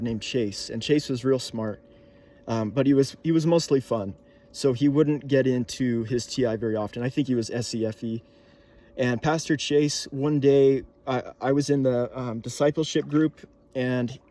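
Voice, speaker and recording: Young man, casual musing monologue, halting with ums and restarts, mid pitch. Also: dark tone. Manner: thinking aloud with many fillers and restarts.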